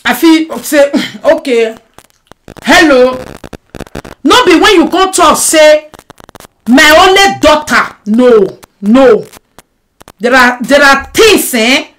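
High-voiced Nigerian Pidgin woman ranting. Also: lively intonation, slow pace, pauses often, rough recording. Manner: emphatic, with constant rhetorical "eh?" asides; swings from loud outbursts to low muttering. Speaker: vlogger addressing a rival. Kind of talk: animated personal monologue.

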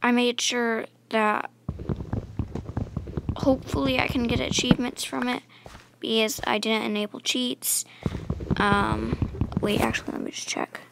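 A woman's voice: a little high, flat delivery, a little slow, creaky, long pauses, heavy background noise. A woman giving casual, rambling let's-play commentary, mumbling and chatting to the animals in her game. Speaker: gaming channel host.

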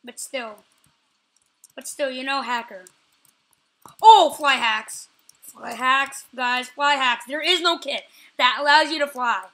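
A woman giving live gameplay commentary as a channel host, excitable, repeating phrases over and over and yelling out when she catches something. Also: high voice, slow pace, long pauses.

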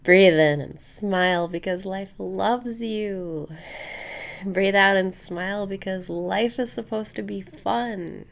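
A woman with a medium-pitched voice speaks slowly as she leads a meditation. Her manner is calm and blunt; she keeps repeating cues to breathe, curses offhandedly, and occasionally lowers into breathy whispers.

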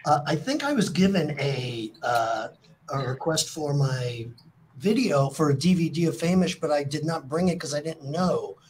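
A man talking about upcoming signings as a guest, halting and hesitant. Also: fairly high pitch, animated, darkish tone, slight background noise. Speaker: voice actor guest. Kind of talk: casual chat.

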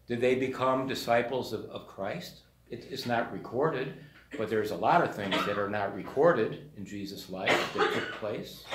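A male priest preaching at a slow, unhurried pace, telling the story conversationally and slipping into the voices of the people in it. His voice sits at an ordinary middle pitch and rings out in a reverberant church room. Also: noisy background. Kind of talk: sermon.

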